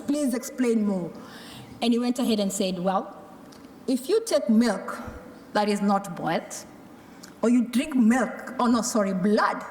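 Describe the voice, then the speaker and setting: A woman's voice: on the high side, a little mellow. Woman telling her story in an echoing hall. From Kenya or Tanzania, Maasai community. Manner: storytelling, acting out dialogue with doctors and her mother. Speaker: tuberculosis survivor giving testimony. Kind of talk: personal testimony speech. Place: large conference hall. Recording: echoey large conference hall.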